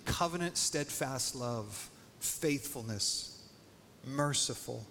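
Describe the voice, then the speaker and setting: A preacher speaking as God in the first person, earnest and reassuring, declaring mercy and patience. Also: male voice, on the high side, animated, fairly quick, a bit bright. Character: merciful, patient divine male voice of God. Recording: long hall reverb, faint noise.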